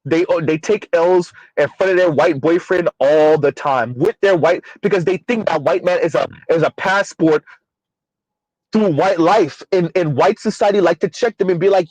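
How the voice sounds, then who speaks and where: A man's voice: on the high side, moderate pace, a little mellow, dry recording, poor audio. A man hosting his own channel, ranting in a blunt, profane commentary with rhetorical questions. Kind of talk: casual commentary rant.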